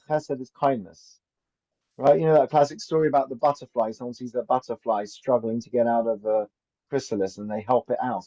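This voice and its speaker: This rabbi's informal Torah lesson is chatty and anecdotal, with frequent "right?" checks. The man has a dark-toned, mid-range voice, and the recording sounds dull and lo-fi.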